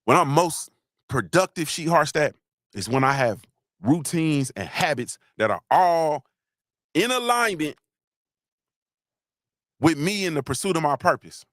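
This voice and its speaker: A man's voice: a little high, big pitch swings, unhurried, pauses often, no room sound, clean studio sound. Joking, preachy man hosting a livestream. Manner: loose, joking, preachy, shouts out viewers. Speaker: livestream host. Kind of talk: casual motivational livestream talk.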